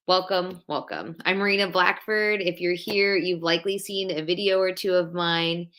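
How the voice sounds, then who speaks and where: A woman's voice: fairly low pitch, flat delivery, normal speed, hardly any pauses, fairly bright tone. A woman in her thirties hosting a live stream, talking in a chatty, heartfelt way and greeting viewers by name. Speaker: livestream host. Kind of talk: casual live-stream chat.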